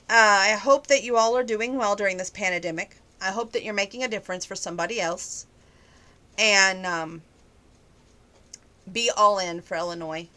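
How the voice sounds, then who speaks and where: A woman vlogger chatting casually to the camera, telling a story in an animated, sarcastic way. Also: mid-range voice.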